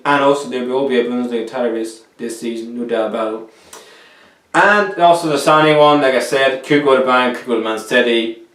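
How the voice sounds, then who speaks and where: A man's voice: mid-range voice, reverberant, recorded from a distance. A man chatting casually to viewers about football transfers, joking as he goes. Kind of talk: casual football commentary vlog. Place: room cooled by two big fans.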